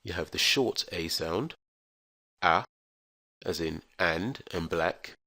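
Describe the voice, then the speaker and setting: A man with a very low, gravelly voice leads a scripted pronunciation lesson. He talks slowly and enunciates every letter and sound with care. The recording is dry and close. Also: expressive, bright, forceful tone, dry recording. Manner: slow, careful, enunciated delivery. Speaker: English teacher.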